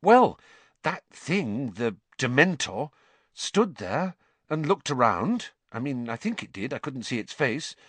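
A man's voice: medium pitch, big pitch swings, slow pace, fairly bright tone, dry recording, full character voice. A man reading an audiobook, voicing a scared teenage boy who talks in a nervous, rambling way. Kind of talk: audiobook character voice.

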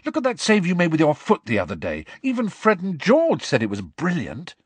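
A man's voice: mid-range voice, animated, fairly quick, fairly bright tone, husky, no echo, voice pushed up. A man voicing a teenage boy who talks firmly and bracingly to a nervous friend. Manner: firm, bracing.

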